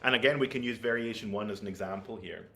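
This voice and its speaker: A man's voice: on the low side, fast, vocal fry, bright, forceful tone. A man giving an online flute masterclass, explaining technique and checking in with his listeners as he goes. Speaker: flute teacher.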